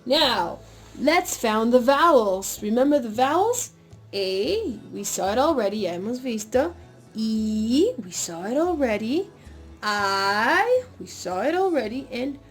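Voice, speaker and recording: Lady teacher, kinder phonics, slow and kinda high, little gasps, soft music under it. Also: echoey room, distant mic. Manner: slow, drawn-out sounds with playful gasps, switching between English and Spanish. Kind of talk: bilingual phonics lesson for children.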